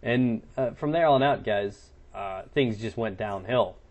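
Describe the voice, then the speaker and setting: A man's voice: on the low side, a little slow, lo-fi sound. A young man doing casual gameplay commentary, telling crude stories in a joking, rambling way and swearing a lot. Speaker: gaming commentator and streamer.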